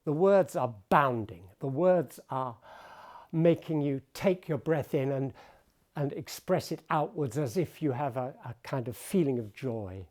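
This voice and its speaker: A man giving a talk at the piano about poetry and music, explaining with thoughtful pauses. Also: medium pitch, darkish tone. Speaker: pianist and lecturer.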